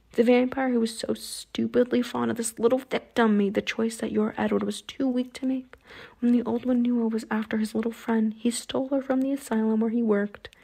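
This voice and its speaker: A woman reading an audiobook, voicing a cruel male vampire hunter who speaks in a soft, pleasant, taunting way. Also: a little high, vocal fry, breathy edge.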